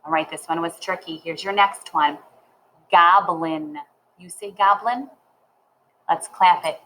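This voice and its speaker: Slow, careful woman teaching reading. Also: fairly low pitch, fairly even intonation, a bit bright, slight background noise, rough recording. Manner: slow, careful, sounds words out syllable by syllable. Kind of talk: reading lesson for learners.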